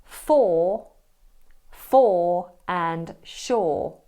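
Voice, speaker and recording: A woman narrating an accent tutorial in a measured, explanatory way. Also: fairly low pitch, expressive, warm tone.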